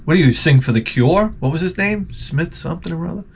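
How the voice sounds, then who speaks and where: A man's voice: fairly high pitch, animated, fairly quick, slight background noise. A man hosting a crude advice show, reading viewer letters and answering in a blunt, rambling, profane way with many restarts. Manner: reads viewer letters aloud and then reacts to them. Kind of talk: crude comedic advice monologue.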